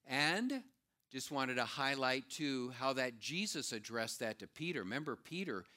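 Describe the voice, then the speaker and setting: A middle-aged man delivers a sermon with a mid-range voice that moves a lot. He pushes up loud and high on key points, then sinks to a low, hushed tone for asides. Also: moderate pace. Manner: animated preaching, swinging from raised emphatic lines to low quiet asides. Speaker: pastor.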